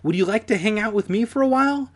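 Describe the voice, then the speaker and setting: A man's voice: sits high, quick pace, voice pushed up. A man voicing a mild-mannered, concerned middle-aged father in a comedic book reading.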